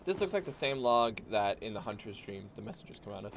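A man doing live gameplay commentary as a streamer, excitable and swearing, yelping and talking back to enemies. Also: fairly low pitch, a little fast, slight background noise. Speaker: gaming streamer.

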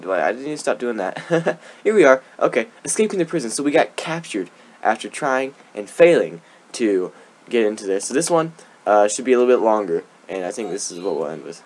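A man's voice: fairly low pitch, very animated, fairly quick. A young man giving casual, rambling gameplay commentary, giggling often and tossing in sarcastic asides. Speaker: let's play gamer.

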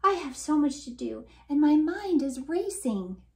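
A woman's voice: sits high, lively intonation, unhurried, echoey room, distant mic, pitched above the performer's own voice. A woman voicing a frazzled, busy male bee who blurts his words in a children's storybook. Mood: frantic. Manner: frantic, blurting.

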